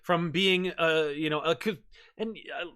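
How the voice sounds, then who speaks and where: American guy cohosting a comics show, slightly high voice, gets hyped and rambles, swears a lot. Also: a little slow, clean tone. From United States. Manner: excited, rambling, swears freely, many restarts. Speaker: co-host of a comic review show. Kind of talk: casual chat.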